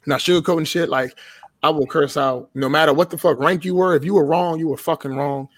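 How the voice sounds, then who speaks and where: A young man tells a story in quick, animated bursts, cursing freely. His voice sits a bit high for a man. The sound is close and dry, with no room around it. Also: dry recording. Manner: profane, blunt, animated storytelling. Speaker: podcast guest. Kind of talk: casual storytelling.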